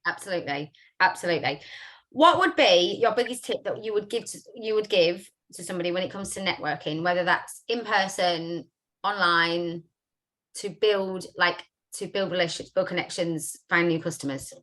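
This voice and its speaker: A woman's voice: fairly low pitch, moderate pace, a bit bright. A woman hosting a casual live video chat, upbeat and chatty, with lots of fillers. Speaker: host of a business chat.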